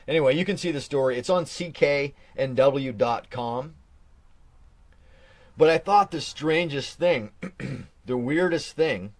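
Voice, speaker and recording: A man hosting a casual live stream, rambling and joking, often restarting his sentences. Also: mid-range voice. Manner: rambling, self-correcting, jokey. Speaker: host.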